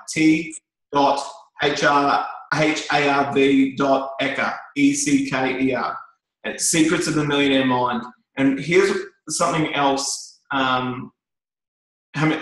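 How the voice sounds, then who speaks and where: A man's voice: medium pitch, fairly bright tone. A man giving a casual motivational talk to a group, full of fillers and restarts. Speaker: network marketing trainer. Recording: very echoey room.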